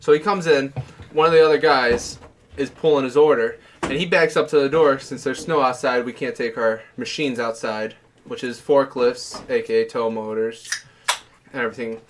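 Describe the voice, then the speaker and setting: A man's voice: mid-range voice, steady tone, moderate pace, slight background noise. A man co-hosting a podcast, rambling through a work anecdote with swearing. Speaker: podcast co-host. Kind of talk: casual chat, storytelling.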